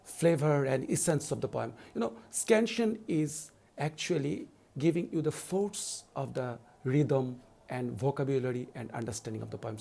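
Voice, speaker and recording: A middle-aged man lecturing on English poetry in a recorded online class, explaining slowly and deliberately. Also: mid-range voice, vocal fry, slight background noise. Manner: slow deliberate explaining, loud stressed verse recitation.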